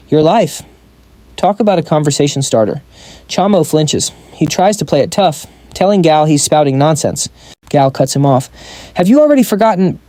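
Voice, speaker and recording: A man's voice: fairly high pitch, warm tone, dry recording. A man narrating a comic story recap in a scripted style, dropping wry joking asides.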